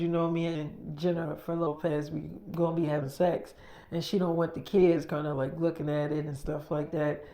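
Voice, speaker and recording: A man's voice: on the high side, mellow. Rambling, slangy man telling a story. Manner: rambling, slangy, lots of fillers. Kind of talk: casual made-up storytime.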